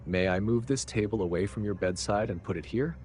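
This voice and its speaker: A man's voice: lowish voice, fairly quick, darkish tone, natural voice. A man reads the part of an earnest, flustered male clerk who insists on being believed. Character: earnest, bewildered arrested bank clerk, a man.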